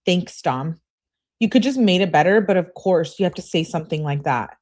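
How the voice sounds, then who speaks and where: A woman's voice: on the low side, expressive, moderate pace, darkish tone. A woman reading as an exasperated teenage girl. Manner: complaining, exasperated. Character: upset teenage girl, clingy and indignant. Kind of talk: reading text messages aloud.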